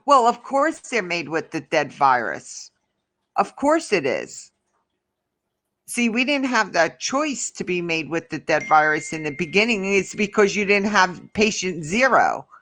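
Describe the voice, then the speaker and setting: A woman's voice: fairly low pitch, sing-song, unhurried, a bit bright. A woman hosting a casual livestream who answers her chat in a rambling, heated way. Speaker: livestream host.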